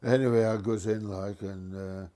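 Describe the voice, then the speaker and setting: An older man telling a funny anecdote about his bus driving days, acting out other people's voices as he goes. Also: normal speed. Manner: lively, acts out voices of passengers with raised pitch. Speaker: storyteller, former bus driver.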